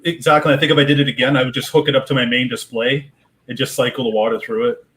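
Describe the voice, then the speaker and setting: A man talking in a relaxed, slightly boastful way in a casual aquarium chat. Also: medium pitch, quick pace, rough recording. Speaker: aquarium hobbyist co-host.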